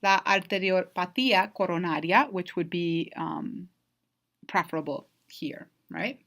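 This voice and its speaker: Woman instructor, slightly low voice, recorded online lecture, patient explainer with lots of "right?" and "um". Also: measured pace, a bit bright. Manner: explanatory, frequent "right?" and "um" checks. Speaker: Spanish instructor.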